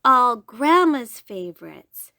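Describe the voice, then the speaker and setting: A woman voicing an eager little girl in a red hood in a storybook, speaking slowly and wide-eyed. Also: fairly high pitch, very animated, pushed and bright, no room sound, studio quality, voice pushed up, exaggerated voice.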